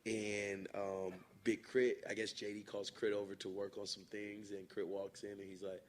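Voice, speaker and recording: A young adult man, a guest rapper, telling stories in a relaxed, casual way, full of "like" and fillers. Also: fairly low pitch, normal speed. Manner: relaxed, filler-heavy, says "like" a lot. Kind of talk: casual storytelling. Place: live podcast stage.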